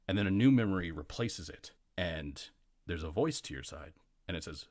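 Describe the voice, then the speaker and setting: Deep-voiced man narrating as game master. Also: lively intonation, moderate pace. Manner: vivid, second-person descriptive narration with restarts.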